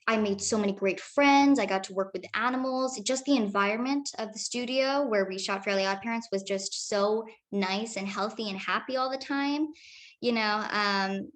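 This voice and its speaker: A teenage girl, a young actress, talks through her answers in a chatty, upbeat way. She fills her sentences with ums and likes and keeps a mid-range pitch. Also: a bit bright. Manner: chatty, upbeat, with many fillers. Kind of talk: casual interview answers.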